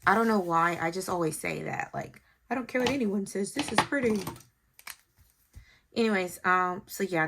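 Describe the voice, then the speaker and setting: Over slight background noise, a woman with a fairly low, gravelly, pushed and bright voice decorates a planner and tells viewers a family story. She's a planner vlogger and mother, chatting casually and thinking aloud as she goes.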